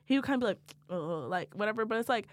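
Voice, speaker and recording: A woman co-hosting a casual chat, blunt and swearing freely, acting out quotes in quick asides. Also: on the high side, dry recording. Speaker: podcast co-host.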